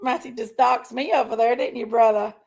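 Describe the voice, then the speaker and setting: Fired-up, gravelly woman with a high voice. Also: a little fast. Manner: emotional, fired up, tells herself to calm down. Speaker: online commentary streamer. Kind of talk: heated casual rant to viewers.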